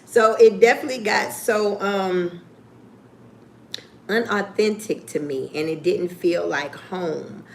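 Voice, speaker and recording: A woman chatting casually on a livestream, candid and profane, with lively swings in her voice. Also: mid-range voice, slow, creaky, a little hiss or hum. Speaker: YouTuber.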